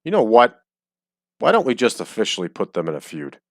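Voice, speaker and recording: A man's voice: on the low side, huge pitch swings, brisk, no echo. Chatty man with a dry, close voice. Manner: chatty, jokey, with frequent ums. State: hiccups. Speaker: game streamer. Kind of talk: casual let's-play commentary. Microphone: desk microphone.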